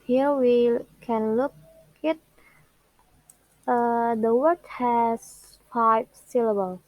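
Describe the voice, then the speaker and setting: Slow, careful young woman student. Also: on the high side, fairly even intonation, no room sound, highs cut off. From Indonesia. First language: Indonesian. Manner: careful, halting non-native delivery, drawing out example words. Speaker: student presenting a learning log. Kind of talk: classroom presentation.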